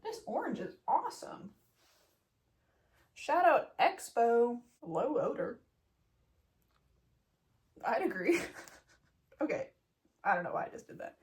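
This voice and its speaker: A woman's voice: fairly high pitch, big pitch swings, slow, pauses often. A young woman telling a story as a vet student in a casual vlog, blunt, self-mocking and full of swearing. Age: young adult.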